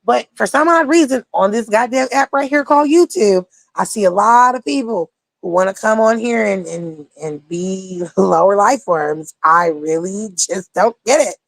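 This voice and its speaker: A woman's voice: on the high side, moderate pace, vocal fry, no room sound. A young woman talking casually on a livestream, blunt and profane, rambling between topics as a streamer.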